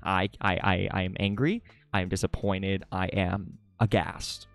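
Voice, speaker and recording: A man's voice: fairly even intonation, measured pace, creaky, a bit bright, faint music behind. A man streaming live and chatting casually with his viewers in a playful, dramatic way, from his room at home. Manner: playful, dramatic, swings to high squeaky jokes. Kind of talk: casual livestream chat with viewers.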